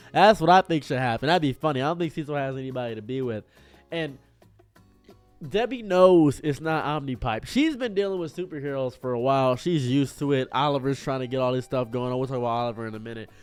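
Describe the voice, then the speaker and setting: A man rambles excitedly in casual commentary, gushing and thinking out loud in a fairly high voice. Faint music plays under him. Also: clear, resonant tone. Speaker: streamer reacting to a show.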